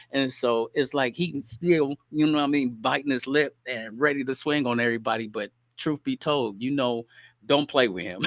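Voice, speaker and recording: A man hosting a show, telling a family story in a casual, animated, slangy way and often checking in with the listener. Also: mid-range voice, no room sound. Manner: animated, slangy, keeps asking "you dig what I'm saying?". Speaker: host.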